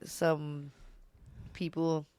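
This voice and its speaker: A woman's voice: deep voice, level tone, very slow, warm tone, smooth. A young woman co-hosting a podcast, chatting casually and hesitating as she searches for words. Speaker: podcast co-host. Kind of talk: casual chat.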